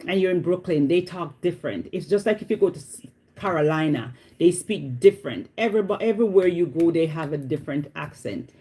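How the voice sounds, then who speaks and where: A woman talking casually to her viewers in a warm, mellow voice. She rambles and circles back on her own words, often asking whether you follow. The chat is loose, unscripted and easygoing. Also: fairly low pitch, expressive, a little fast, breathy edge. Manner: chatty, repeats herself, often asks "you know what I mean". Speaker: vlogger.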